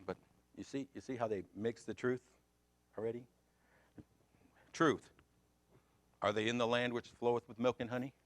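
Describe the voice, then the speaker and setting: American guy teaching sunday school, gets loud then drops quiet, dry close sound. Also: mid-range voice, normal speed, long pauses, dry recording. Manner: animated, shifts between loud emphasis and quiet asides. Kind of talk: Bible class teaching.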